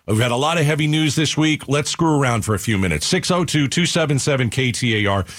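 A man's voice: mid-range voice, quick pace, dry recording. A male radio host in casual, emphatic talk. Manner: energetic, emphatic.

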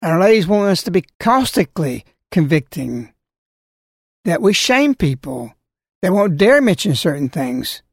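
A man's voice: sits high, sing-song, normal speed, vocal fry, slightly rough, no echo, studio quality. A man giving a scolding religious talk, full of rhetorical questions and warnings. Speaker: religious speaker. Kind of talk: preaching talk.

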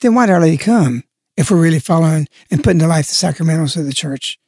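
A man's voice: fairly high pitch, animated, fast, a little mellow, breathy edge, no room sound, clean studio sound. A man giving a spoken religious reflection, stressing and repeating key words as he explains. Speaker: lay religious speaker.

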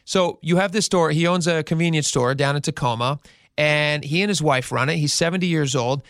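A man's voice: a little high, brisk, dry recording, studio quality. A radio show host telling a news story in casual talk, acting out the quotes as he goes. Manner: animated storyteller, acts out quotes.

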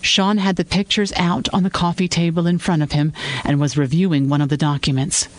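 Brief: male narrator for a fiction podcast, slightly higher voice, measured and even. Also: no room sound, low-quality recording.

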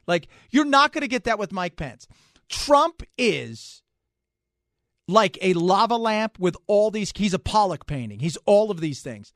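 High-voiced, joking male radio host. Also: a little slow, no room sound, clean studio sound. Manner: animated, joking, restarts sentences. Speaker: radio talk show host. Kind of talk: casual talk radio commentary. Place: radio studio. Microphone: studio microphone.

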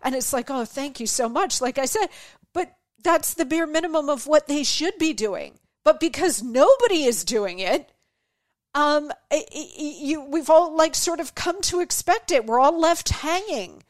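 A woman's voice: high-pitched, lively intonation, normal speed, no echo, clean studio sound. A woman hosting her own podcast, ranting with exasperation and acting out mocking quoted voices. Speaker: podcast host. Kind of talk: opinion monologue.

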